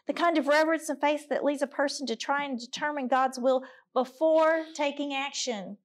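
A middle-aged woman speaks candidly and earnestly to a women's gathering as a ministry speaker, weaving personal stories together with scripture readings in a conversational sermon. Her voice is high, her tone steady, and her pace moderate.

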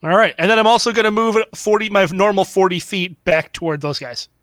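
High-voiced teasing male player. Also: a little fast, fairly bright tone, no echo, clean studio sound. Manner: teasing, laughing. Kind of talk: casual tabletop play.

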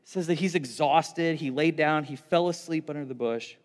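A man preaching a sermon, retelling a scripture story with animated, excited delivery and frequent restarts. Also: a little high, normal speed, in a large hall. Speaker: pastor.

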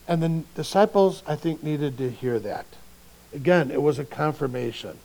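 A male pastor preaching a sermon in a conversational way, swinging between quiet reflection and emphatic bursts. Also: on the high side, low-quality recording.

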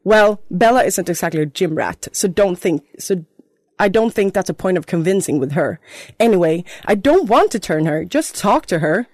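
A woman voicing a brooding young male vampire while reading her own story aloud, in a deadpan way. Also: on the low side, moderate pace, no echo, clean studio sound. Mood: earnest.

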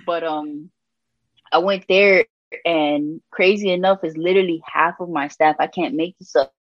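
A woman from Puerto Rico, a gospel rapper sharing her testimony as an interview guest, telling stories in lively slang and acting out the people she quotes. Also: lowish voice, moderate pace, no room sound, muffled recording. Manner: animated storytelling with slang and voiced quotes. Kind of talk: candid conversational testimony.

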